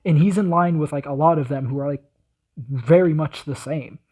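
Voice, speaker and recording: A man's voice: a little high, normal speed, a little mellow. A young man hosting a reaction video, talking in a casual, slangy and rambling way.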